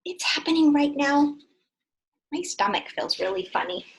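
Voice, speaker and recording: A woman teacher reading a picture book aloud to young children in an animated way, stopping to ask them questions. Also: high-pitched, normal speed.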